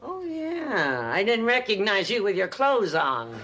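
A woman's voice: medium pitch, very animated, unhurried, very noisy. An actress playing a nosy, spiteful old woman neighbor who spies and makes snide, cutting remarks in a sitcom.

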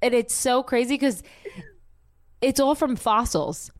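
A woman from New Jersey hosts a casual podcast chat, her voice sitting a little high for a woman. She rambles bluntly, swears freely and laughs through her own questions. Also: unhurried. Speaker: podcast host.

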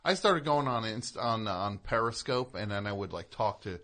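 A man's voice: fairly low pitch, animated, normal speed, pushed and bright. A man hosting a radio show, chatting casually in a jokey, rambling way. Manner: rambling, jokey, breaks into laughter and silly voices. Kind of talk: casual comedic radio chat. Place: radio studio.

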